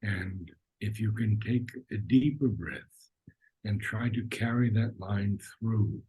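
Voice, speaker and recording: Man, reading coach, very husky voice, dark tone, gentle corrections. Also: on the low side, takes it slowly, poor audio. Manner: gentle, corrective, demonstrates lines. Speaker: reading teacher. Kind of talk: coaching a reader.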